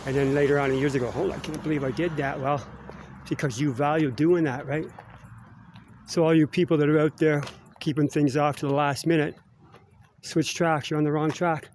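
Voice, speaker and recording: A man's voice: fairly high pitch, fairly even intonation, normal speed, pauses often, a little mellow, slight background noise. A middle-aged man with a Canadian accent, chatting in a meandering way and tagging "eh?" onto his sentences as he walks around outside. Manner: chatty, meandering, ends phrases with "eh?". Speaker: vlogger. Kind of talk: casual rambling walk-and-talk. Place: outdoors walking around school grounds.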